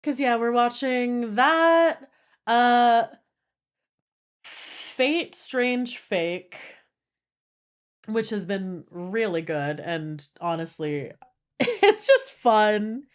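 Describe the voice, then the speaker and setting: Her voice sits on the high side, very animated yet extremely slow, with frequent pauses and a clean tone. She's a young streamer casually chatting with live viewers, giggly and prone to laughter, gushing and dropping "like" constantly.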